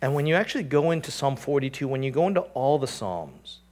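A man delivering a sermon in a mid-range voice, talking to the congregation with frequent asides. His delivery rises into loud, emphatic swells and then sinks back to a quiet, earnest hush. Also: mid-range voice, big pitch swings, quick pace. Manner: earnest, rising to emphatic peaks and dropping to quiet; conversational, with "you know" and "right?" asides. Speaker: pastor.

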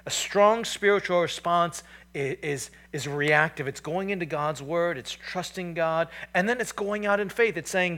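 A man preaching a sermon in a conversational way, with many fillers, building to louder passages and dropping to quiet reflective ones. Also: high-pitched, measured pace. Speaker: pastor.

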